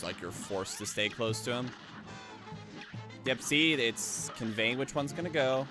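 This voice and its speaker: Excitable, swearing male game streamer. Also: fairly low pitch. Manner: excitable, swears often, thinks aloud about tactics. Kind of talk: live gameplay commentary.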